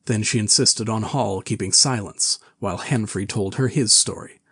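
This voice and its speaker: A man reading a classic novel aloud with measured, even storytelling. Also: on the low side, vocal fry, husky, no room sound. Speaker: narrator. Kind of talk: scripted narration of a classic novel.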